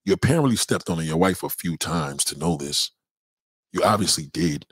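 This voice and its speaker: Brief: low, husky male livestream host, heated and profane, dry close sound. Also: lively intonation, normal speed, no echo. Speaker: livestream host reading chat. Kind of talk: casual livestream rant.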